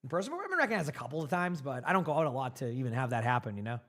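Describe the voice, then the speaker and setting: A man's voice: medium pitch, big pitch swings, racing, a bit bright. A young adult man from Massachusetts, a streamer in casual chat with his viewers, rambling with lots of fillers and repeated words.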